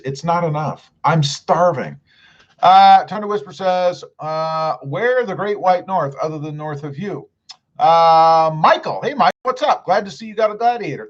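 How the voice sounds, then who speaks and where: A man's voice: fairly high pitch, dull audio. A middle-aged man hosting a casual live stream, reading viewer comments aloud in a friendly, upbeat way.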